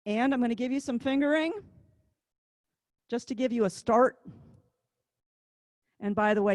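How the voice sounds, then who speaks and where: A woman's voice: mid-range voice, darkish tone, no echo. A woman teaching a music class, chatting about a song's history and calling out fingering note by note. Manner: chatty, reads fingering numbers slowly. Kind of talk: online class instruction.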